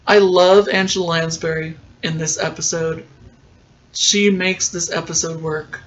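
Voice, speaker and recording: A man's voice: fairly high pitch, fairly even intonation, fairly bright tone, lo-fi sound. A man hosting a podcast, casually recapping a TV episode and acting out bits of dialogue as he goes. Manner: retells scenes with quick quoted voices, chatty. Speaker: podcast host.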